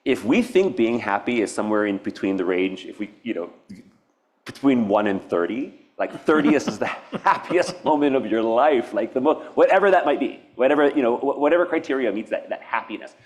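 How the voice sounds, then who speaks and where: A man's voice: mid-range voice, animated, brisk. Hawaiian guy giving an art talk, earnest and rambly, jumps around, lots of restarts. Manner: meandering, nonlinear, with frequent restarts and laughs; reflective, earnest. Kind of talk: public artist talk. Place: university event space.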